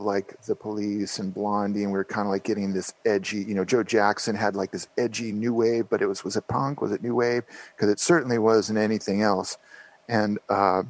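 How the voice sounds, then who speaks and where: A man's voice: fairly low pitch, moderate pace, no room sound, rough recording. A man in his fifties, a podcast guest, telling a rambling story with lots of fillers and restarts. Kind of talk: casual storytelling interview.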